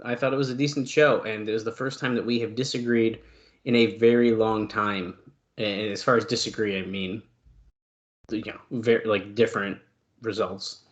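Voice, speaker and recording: A man's voice: lowish voice, steady tone, normal speed, muffled recording. A man co-hosting a wrestling podcast in casual chat, rambling with lots of fillers and poking fun at himself. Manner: rambling, filler-heavy, self-deprecating. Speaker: podcast co-host.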